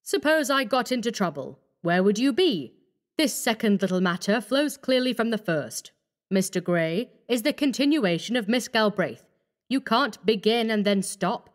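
A woman voicing a cold, scheming young male doctor who talks calmly and menacingly. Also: on the high side, moderate pace, close to an everyday voice. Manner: calm, coaxing, menacing.

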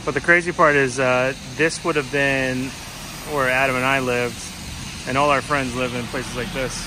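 A man's voice: medium pitch, fairly even intonation, normal speed, noisy background. A man hosting a travel vlog in casual chat to camera, joking and bantering, recorded outdoors in a city at night.

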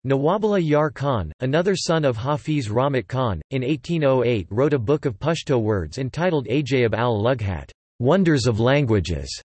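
A man's voice: medium pitch, moderate pace, hardly any pauses, slightly rough, dry recording. Dry synthetic male reading voice. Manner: even, mechanical reading. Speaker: text-to-speech reader. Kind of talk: synthetic encyclopedia narration.

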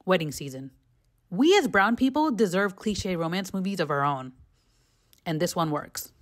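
Brief: young female vlogger, animated and candid, big pitch swings, casual movie chat. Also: normal speed. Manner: animated, profane, gushing. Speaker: film reviewer vlogger. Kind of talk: casual film review vlog.

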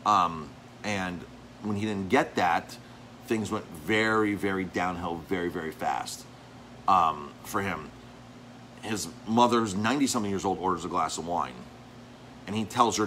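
A man, a restaurant owner and chef, talking casually and telling animated stories about difficult customers, often repeating words and acting out the arguments. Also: fairly low pitch, moderate pace, slight background noise. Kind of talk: casual vlog monologue. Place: his restaurant.

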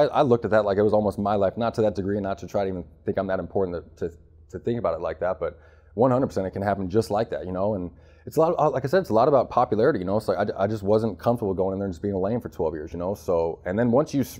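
A man in his thirties from Arizona rattles off his story at a quick clip, his voice low and dark. He talks blunt and streetwise, dropping "bro" and "you know" everywhere as an interview guest. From Arizona, United States. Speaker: guest, former prisoner. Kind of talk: candid interview talk.

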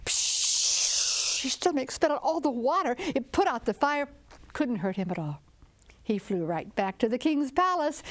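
Expressive woman telling a folktale. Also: sits high. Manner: rhythmic, drawn-out, expressive storytelling with dramatic whispers. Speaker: storyteller and author. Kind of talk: storytelling a folktale.

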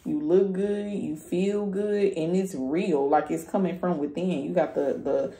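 A woman's voice: fairly low pitch, steady tone, measured pace, mellow, echoey room. A woman giving a casual tarot reading, blunt and profane, talking straight to her viewers. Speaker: tarot reader.

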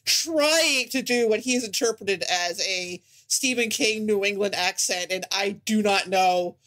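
A woman's voice: medium pitch, unhurried, fairly bright tone. A woman co-hosting a film podcast in casual chat, wry and chuckling. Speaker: podcast co-host.

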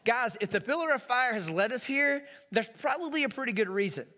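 A man voicing a calm, trusting eighty-year-old leader who reassures his frightened people. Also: extremely high pitch, brisk, voice pushed up, exaggerated voice. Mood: reassuring. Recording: long hall reverb.

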